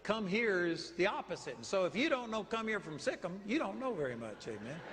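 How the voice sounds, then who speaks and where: Texan preacher, higher-pitched man, animated storytelling in a reverberant hall. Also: brisk, a little hiss or hum. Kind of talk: sermon.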